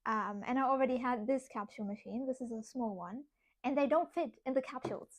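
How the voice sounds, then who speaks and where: A young woman chats casually on a livestream as she works on crafts. Her voice sits a little higher than most, and she rambles from one thought to the next, amused at herself. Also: a little fast, very noisy. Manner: chatty, rambling, self-amused. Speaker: artist streamer.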